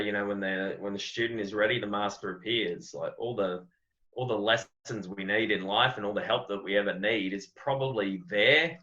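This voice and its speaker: Low, forceful Australian man. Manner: earnest, reflective, frequent word repeats. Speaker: wrestling coach, podcast guest. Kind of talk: podcast interview. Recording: dull lo-fi audio.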